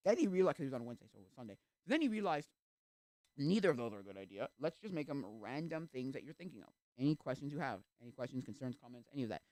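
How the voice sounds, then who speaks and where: Rambling young man, fast and lively. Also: mid-range voice, no room sound. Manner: rambling, full of fillers and tangents, acts out quoted voices. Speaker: livestreamer. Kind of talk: casual chat.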